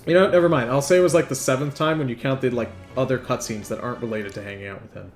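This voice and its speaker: A man commentating a video game with crude, swearing jokes. His voice sits in an ordinary middle pitch. Faint game music plays behind him. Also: rapid-fire. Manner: crude, joking, swears a lot. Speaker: let's player. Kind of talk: gaming commentary.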